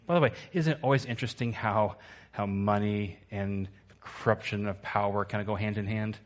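A man's voice: lowish voice, fairly even intonation, normal speed. A male pastor preaching a sermon to his church, emphatic and repetitive, asking the congregation to answer back.

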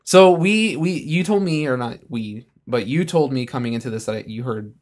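A man's voice: medium pitch, animated, normal speed. Casual man chatting about a movie. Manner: loose, filler-heavy movie talk. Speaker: podcast co-host. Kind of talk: casual chat.

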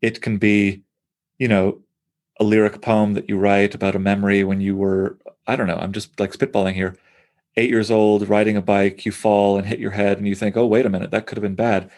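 Eager, low-voiced man talking poetry. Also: level tone, normal speed, darkish tone. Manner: enthusiastic, thinks aloud with restarts. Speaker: poet discussing poems. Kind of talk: conversational close reading of poetry.

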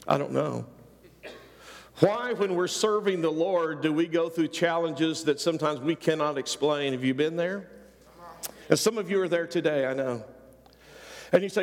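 A man's voice: fairly high pitch, moderate pace, long pauses, big-room sound. A middle-aged male pastor preaching a sermon with rising fervor and repeated phrases.

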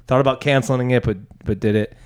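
A young man tells a comedy story in a loose, rambling way. He restarts his sentences often and now and then breaks into loud, shouted impressions of people. His voice sits at a middle pitch. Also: fairly even intonation, fast, smooth. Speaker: stand-up comedian, podcast co-host. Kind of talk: casual storytelling chat.

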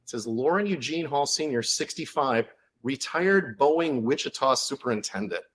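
A man of mid pitch, on as an author guest, tells a story with real enthusiasm. He packs the facts together in quick succession in a relaxed, chatty way. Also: a little hiss or hum. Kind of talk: casual chat.

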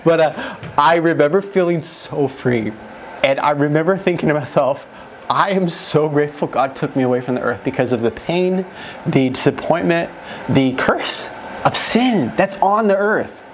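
A young man telling an emotional testimony in a group conversation, excited and rushed, full of "like", into a handheld mic. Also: a little high, a little hiss or hum. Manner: excited, rushed, fills speech with "like". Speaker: guest telling his near-death story. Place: room with other men holding mics.

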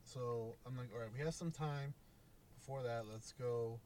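A man's voice: medium pitch, normal speed, crowd noise. A young man on a casual podcast chat, telling a story and acting out both sides of the exchange, swearing freely. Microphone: podcast microphone.

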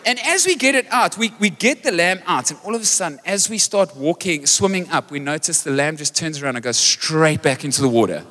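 Pastor guy preaching live, high voice, echo of a big hall with music under. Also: a little fast, hardly any pauses. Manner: energetic, animated storytelling with jokes. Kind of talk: sermon. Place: large church hall.

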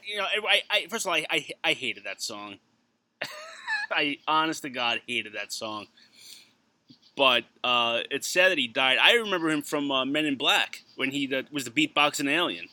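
Joking chatty man, very bright voice. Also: fairly high pitch, no echo. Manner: chatty, joking, laughs while talking. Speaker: podcast co-host. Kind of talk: casual chat.

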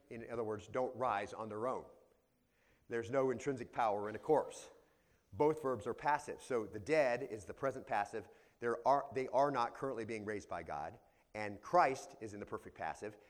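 A man's voice: lowish voice, in a large hall. A man preaching a verse-by-verse sermon as pastor, explaining the original Greek words as he teaches. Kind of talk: expository sermon. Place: church sanctuary.

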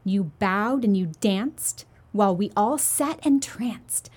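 A woman's voice: medium pitch, takes it slowly, darkish tone, breathy edge. A woman voicing a crowd of delighted, admiring townsfolk in a storybook, cooing and fussing.

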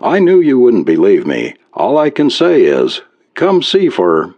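A weary, sarcastic farmer, as a male storyteller puts him on, talks in a dry, plainspoken way while his voice swings widely in pitch. The recording sounds dull and lo-fi. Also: huge pitch swings, measured pace, darkish tone. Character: weary sarcastic middle-aged farmer man.

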